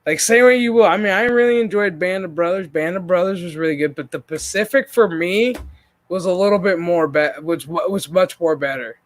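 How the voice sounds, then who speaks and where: A man hosting a gaming stream, telling a story in casual chat, profane and animated. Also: high voice, a little fast, no echo.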